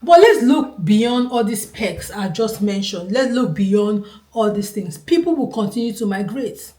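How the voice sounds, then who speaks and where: A woman's voice: mid-range voice, lively intonation, unhurried, warm tone. A woman from Nigeria with a Nigerian accent gives her opinion to camera in a casual talk. She is earnest and emphatic and repeats her points for stress. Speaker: vlogger. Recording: roomy echo.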